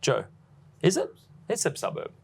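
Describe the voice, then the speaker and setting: A man's voice: fairly high pitch, wildly swooping pitch, creaky, darkish tone, breathy edge. A man hosting a podcast, chatting casually and joking with his guest, after reading sponsor ads. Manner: chatty, joking, quick asides. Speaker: podcast host. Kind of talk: casual interview chat with sponsor reads.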